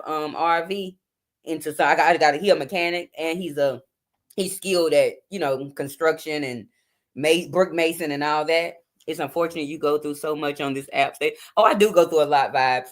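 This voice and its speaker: Chatty woman hosting a late-night livestream. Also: sits low. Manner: chatty, informal, talks straight to viewers. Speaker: livestream host. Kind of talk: casual livestream chat with viewers. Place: home at night. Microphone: phone or webcam.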